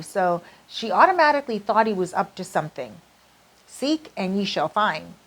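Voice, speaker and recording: A woman narrating a relationship story in a casual storytime style, chatty and full of fillers. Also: mid-range voice. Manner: chatty, lots of "like" and "you know".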